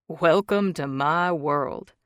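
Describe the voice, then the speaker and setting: A woman reading an audiobook, voicing a protective wealthy young man who talks in a steady, firm way. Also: takes it slowly, clear, resonant tone, dry recording, studio quality. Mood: calm. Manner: steady, low-key, firm. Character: protective rich young man, calm and determined.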